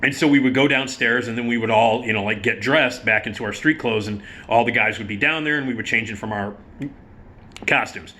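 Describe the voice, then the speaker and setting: A man telling a casual, profane theater story, animated and quick to laugh. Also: medium pitch.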